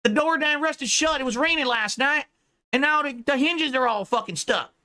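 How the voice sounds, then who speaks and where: A man's voice: extremely high pitch, unhurried, pushed and bright, pitched above the performer's own voice, exaggerated voice. A man mocking a stranded male streamer who begs for money, in a put-on accent. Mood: whiny.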